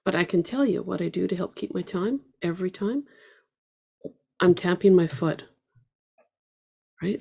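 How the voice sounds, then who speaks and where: A woman's voice: fairly low pitch, normal speed, vocal fry, music in the background. A woman teaching an online ukulele class, counting beats aloud and chatting with her students. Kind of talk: online group music lesson. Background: ukulele playing.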